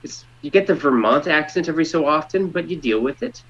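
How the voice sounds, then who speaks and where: A man's voice: on the high side, quick pace, breathy edge, lo-fi sound. A man from Ontario, Canada, chatting as a podcast guest in a sarcastic, joking way. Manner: lively, sarcastic, puts on mock voices.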